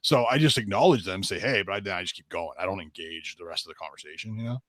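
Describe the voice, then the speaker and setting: A man's voice: low voice, expressive, quick pace, no room sound, studio quality. A young adult man co-hosting a podcast in casual chat, rambling with lots of "you know" and acting out quoted greetings. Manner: rambling, many fillers like "you know", acts out quotes brightly. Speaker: podcast co-host.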